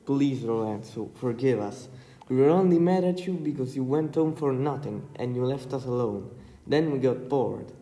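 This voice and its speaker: A man's voice: mid-range voice, expressive, moderate pace, mellow, lightly acted. Amateur radio play: man voicing a young prankster, plain earnest delivery, reverberant space. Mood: apologetic. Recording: long reverb.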